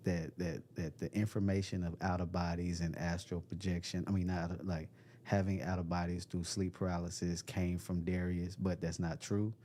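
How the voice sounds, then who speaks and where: A man's voice: low voice, flat delivery, moderate pace, dark tone, a little hiss or hum. A man hosting a casual livestream, reading chat comments aloud, joking and laughing often, with loose slangy talk. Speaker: livestream host. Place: cold room at home.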